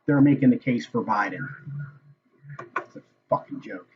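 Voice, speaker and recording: Swearing often, a political commentator rants angrily yet casually about a hearing he's watching, in a mid-range voice with a breathy edge at normal speed. The recorded commentary has its highs cut off.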